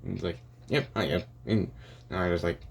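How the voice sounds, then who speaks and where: A man's voice: sits low, steady tone, brisk, vocal fry, slightly rough. A young man improvising a rambling fan story aloud, full of restarts and "and he's like" asides. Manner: rambling, many restarts and "and it's like".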